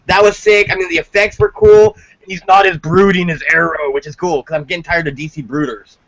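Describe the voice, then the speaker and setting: A man co-hosting a casual video-call chat, brash, crude and quick with jokes. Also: fairly high pitch, steady tone, fairly bright tone, lo-fi sound. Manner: brash, crude, rapid joking. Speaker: podcast co-host.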